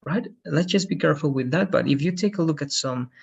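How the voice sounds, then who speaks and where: A man's voice: a little high, fairly quick, gravelly, darkish tone, husky, highs cut off. A man teaching an English grammar lesson online, checking in with "right?" after almost every sentence.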